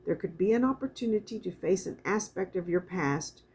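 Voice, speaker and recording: A middle-aged woman giving a casual spiritual oracle card reading, talking in a soft, meandering way and reading card texts aloud slowly. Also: on the low side, lively intonation, breathy edge.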